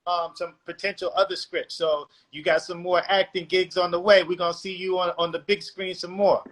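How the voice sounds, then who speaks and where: Male host, high bright voice, easygoing questioner. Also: flat delivery, moderate pace. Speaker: interview host. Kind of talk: casual interview.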